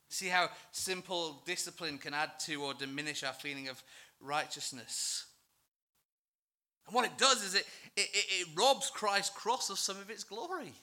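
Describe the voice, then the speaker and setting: A man's voice: on the high side, steady tone, moderate pace, pushed and bright. A male church minister preaching a sermon in an earnest, emphatic, self-deprecating way.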